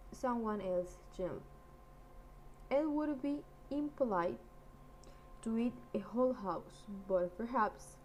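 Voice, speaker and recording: A woman reads a fairy tale aloud, lilting and expressive. Her pace is slow and deliberate, and a faint hiss sits beneath her voice. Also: mid-range voice, poor audio. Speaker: storyteller.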